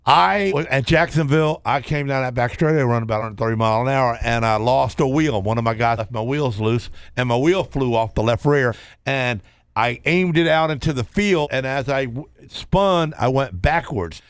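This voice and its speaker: A man's voice: mid-range voice, moderate pace, smooth, no room sound. A man, telling a long story on a radio talk show, rambling and restarting often.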